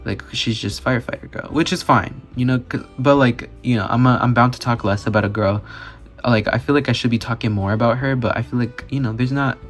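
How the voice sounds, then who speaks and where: A man talking in a casual vlog, gushing and excitable, full of filler words and casual swearing. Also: medium pitch, fairly quick, faint music behind. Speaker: doll collector and reviewer.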